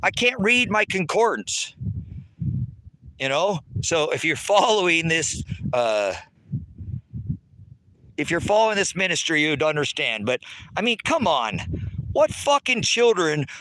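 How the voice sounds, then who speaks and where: The host of an online ministry rants and curses outdoors on his rural property, filmed on a handheld phone camera with slight background noise. His fairly high voice is sing-song, pushed and bright, unhurried, with long pauses, and he's heated and repetitive as he addresses viewers angrily.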